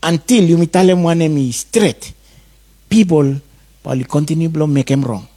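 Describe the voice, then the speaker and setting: A man's voice: on the high side, normal speed, warm tone. A man preaching a sermon, in repeated rhythmic calls.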